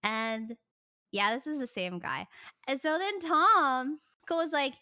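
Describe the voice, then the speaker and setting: Bright-voiced woman streamer telling a story. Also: high-pitched, slow pace. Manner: animated, swearing, frequent "like" fillers. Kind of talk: casual storytelling to a live stream.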